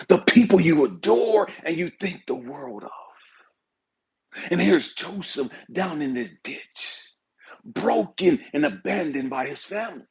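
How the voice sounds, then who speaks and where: A man giving an impassioned spiritual talk, swinging between hushed whispers and shouted pleas. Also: sits high, animated, a little slow, gravelly, breathy edge. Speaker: spiritual speaker. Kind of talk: impassioned motivational preaching.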